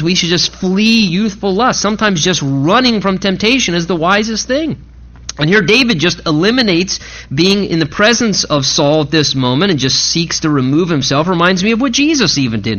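Bright-voiced man preaching a sermon. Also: sits high, lo-fi sound. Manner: conversational, emphatic, acts out quotes. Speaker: pastor. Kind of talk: expository sermon.

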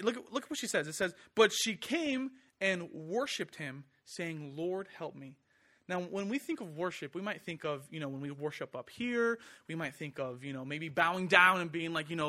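A young man preaching a sermon, conversational and animated, acting out the quoted lines. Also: sits high, moderate pace.

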